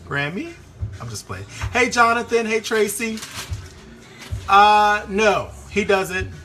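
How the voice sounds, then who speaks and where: A man with a slight Eastern Shore of Maryland accent hosts a casual live cooking stream from his home kitchen, talking with viewers. His high-sitting voice is bright, animated and forceful, delivered slowly, with faint music behind.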